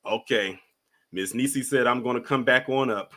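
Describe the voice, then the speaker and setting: Bright-voiced man hosting a live stream. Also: medium pitch, normal speed. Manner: laid-back, repeats himself, takes callers one by one. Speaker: livestream host. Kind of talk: casual live stream chat.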